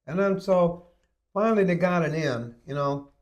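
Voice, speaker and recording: A man with a slightly higher voice rambles through a crude story, swearing freely. His speech is loose and conversational, full of restarts and asides. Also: moderate pace. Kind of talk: casual storytelling.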